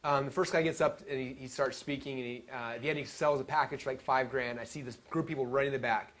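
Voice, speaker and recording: Fast-talking animated man giving a seminar. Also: mid-range voice. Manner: animated storytelling, acts out quotes. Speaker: seminar speaker. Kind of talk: live seminar talk.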